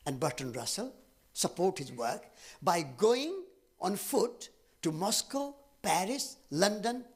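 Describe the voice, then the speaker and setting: A man from India with an Indian accent, speaking at a public event and telling a personal story in an earnest way, with dramatic pauses. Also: high voice, breathy edge.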